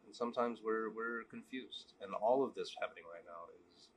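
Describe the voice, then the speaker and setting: Husky-voiced man telling a story. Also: on the low side, normal speed. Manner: relaxed, candid, repetitive storytelling. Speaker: vlogger. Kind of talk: joke storytelling and casual reflection.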